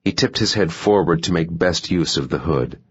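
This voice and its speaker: Very deep, husky male audiobook narrator. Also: dull audio. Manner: steady, measured thriller reading. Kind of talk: scripted narration.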